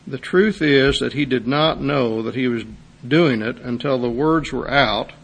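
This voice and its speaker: A man's voice: medium pitch, unhurried. A man preaching a sermon, reading a testimony aloud and then expounding on it with rising intensity. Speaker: pastor.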